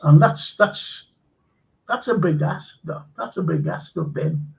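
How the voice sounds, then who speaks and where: Male stream host, gravelly, a touch high-pitched, blunt and emphatic football talk, lo-fi sound. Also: a little slow. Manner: emphatic, blunt verdicts with fillers. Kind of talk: casual football chat.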